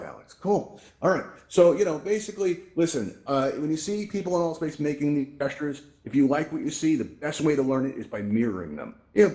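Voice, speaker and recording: A man's voice: mid-range voice, a little mellow. A man hosting a live virtual reality class, chatty and walking the audience through the controls, often checking in with "right?". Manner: chatty, keeps asking "right?". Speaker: VR event host teaching controls. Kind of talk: live instructional walkthrough. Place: virtual reality event room, speaking to an audience.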